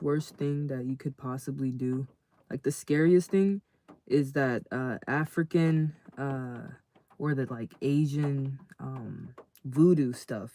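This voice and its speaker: A man casually telling a story to his live chat in a slangy, animated way, acting out the people in it. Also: medium pitch, vocal fry. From California. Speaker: livestream host.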